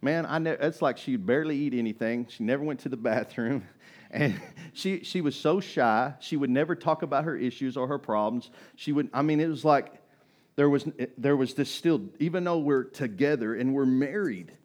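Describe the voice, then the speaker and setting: A middle-aged man preaching a sermon as pastor, conversational, often asking "right?" and swinging between loud and quiet. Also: medium pitch, normal speed. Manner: conversational, rising and falling in loudness, tag questions.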